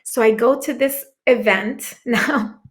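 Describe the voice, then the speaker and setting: Woman guest on a podcast, bit higher voice, tells her story big and emphatic with dramatic pauses. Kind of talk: storytelling in a conversation.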